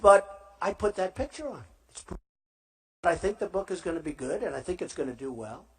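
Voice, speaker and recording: A man's voice: fairly high pitch, big pitch swings, brisk, a little mellow, slightly rough. A man running for president gives a rambling, boastful campaign rally speech to a live crowd and repeats himself often. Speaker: presidential candidate.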